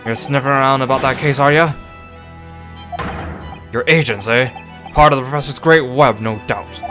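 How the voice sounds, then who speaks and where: A man voicing a gruff, hostile prison governor who blusters and threatens, with game music clearly playing behind him. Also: medium pitch, normal speed, lightly acted.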